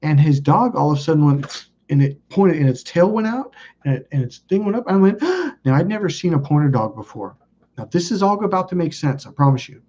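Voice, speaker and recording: A man telling a rambling personal story in casual talk, acting out the people in it with sudden excited exclamations. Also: fairly quick. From California. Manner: animated, acts out quotes with sudden high exclamations. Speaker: channel host. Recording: dull lo-fi audio.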